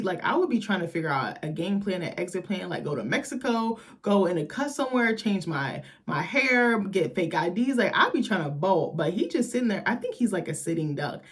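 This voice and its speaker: A woman's voice: lowish voice, big pitch swings, a little fast, few pauses. A young woman casually recapping a TV episode late at night, tired but chatty and profane, acting out the characters' lines as she retells scenes. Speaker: TV recap host.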